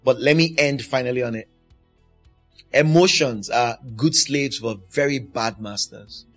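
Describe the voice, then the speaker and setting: A man's voice: mid-range voice, unhurried, fairly bright tone, faint music behind. A man preaching a sermon, emphatic and driving his points home by repeating them.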